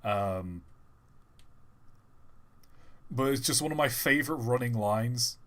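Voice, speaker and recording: A young man chatting casually on a livestream, rambling and enthusiastic and often breaking off mid-thought. His pitch and pace sit right in the middle. He talks into a desk microphone. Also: animated, takes it slowly, a bit bright. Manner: rambling, enthusiastic, self-interrupting. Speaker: livestream co-host.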